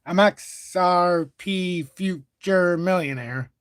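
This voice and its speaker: A man hosting a livestream, rambling as he works through charts and swearing freely. His voice sits a little high for a man and is picked up close and dry, with no room sound. He corrects himself and drifts off topic as he goes. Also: slow pace, a bit bright, smooth, no room sound. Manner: rambling, profane, self-correcting. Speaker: crypto livestream host. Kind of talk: casual livestream chart commentary.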